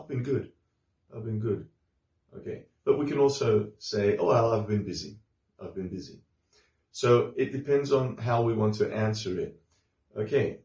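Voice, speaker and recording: A man teaching a casual English lesson, explaining slowly with many fillers and restarts and repeating example phrases. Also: medium pitch, a little mellow, reverberant.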